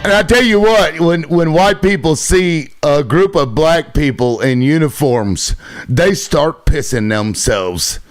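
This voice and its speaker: A man's voice: fairly high pitch, lively intonation, takes it slowly. Sarcastic, cursing male streamer. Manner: sarcastic, heavy swearing; irritated. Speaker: livestream host. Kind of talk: profane livestream rant.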